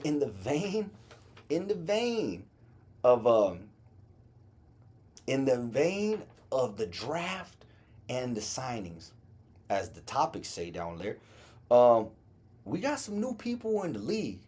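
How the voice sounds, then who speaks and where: A man's voice: mid-range voice, big pitch swings, takes it slowly, pauses often, darkish tone, slightly rough. A man from Las Vegas hosting a casual basketball livestream, laid-back and slangy, stumbling playfully over hard names. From Las Vegas, Nevada. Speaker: podcast host.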